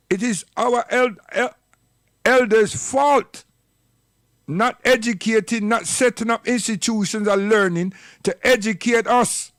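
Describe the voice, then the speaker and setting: Man with a high voice, preachy and scolding, dry close sound, for a livestream rant. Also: a bit bright, no echo. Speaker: livestream commentator. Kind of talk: impassioned livestream monologue.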